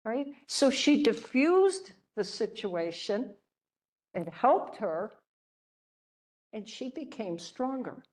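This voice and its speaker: Older lady, a nun teaching a class, talks slow and easy, tells stories, keeps asking "all right?". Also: a little high, sing-song. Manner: gentle, chatty, checks in with listeners. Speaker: religious sister teaching a class. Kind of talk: storytelling lecture to a class.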